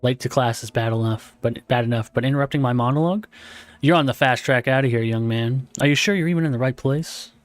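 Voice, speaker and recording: A man voicing a pompous dog professor in a cooking-school game, grandiose and scolding, talking a little fast. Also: mid-range voice, dry recording, soft background music, lightly acted.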